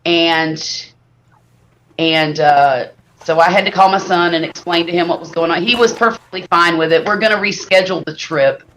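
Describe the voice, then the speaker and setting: A middle-aged woman, hosting a live stream and telling stories in a lively, exaggerating way. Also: on the low side, normal speed, slight background noise. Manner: animated, exaggerating storyteller. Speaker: livestream host. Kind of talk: casual storytelling chat.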